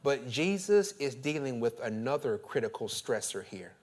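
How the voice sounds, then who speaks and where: A man's voice: sing-song, normal speed. Preaching man with fiery rising swells. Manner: preaching with swells of loud, high, laughing emphasis; repeats phrases and restarts when fired up. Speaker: pastor. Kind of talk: sermon.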